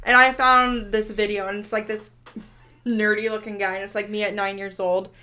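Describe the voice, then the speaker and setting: A woman's voice: mid-range voice, little pitch movement, moderate pace, sharp tone. A woman co-hosting a casual podcast, telling stories in a blunt, laid-back way. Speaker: podcast co-host. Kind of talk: casual chat.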